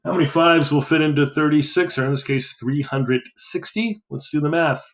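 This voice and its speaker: A man with a slightly high voice, speaking at a moderate pace, teaches math by working an example. He thinks aloud casually while counting through a division problem, and the audio is dull with an echoey room.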